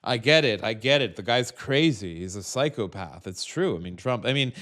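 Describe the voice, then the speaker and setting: A man's voice: medium pitch, expressive, moderate pace, fairly bright tone. A man from the United States delivering a heated, profane rant straight to the viewer, full of fillers and restarts. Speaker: political commentator. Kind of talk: direct-to-camera rant.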